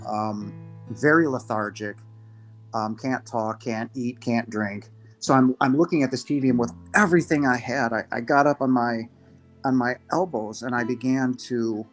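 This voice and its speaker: A man in his fifties, a podcast guest giving a halting, emotional personal testimony, his voice breaking at times. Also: medium pitch. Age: 50s.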